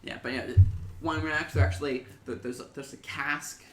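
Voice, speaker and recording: A man running a tabletop game as game master, talking hesitantly with many fillers and pauses. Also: fairly high pitch, fairly even intonation, a bit bright, echoey room, slight background noise. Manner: hesitant, filler-heavy, bursts into laughing shrieks for characters. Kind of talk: narrating a tabletop game over voice chat.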